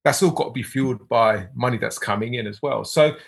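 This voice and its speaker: A man's voice: mid-range voice, a little fast, vocal fry, husky. A man interviewing a business guest, asking long, thoughtful questions. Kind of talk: interview conversation.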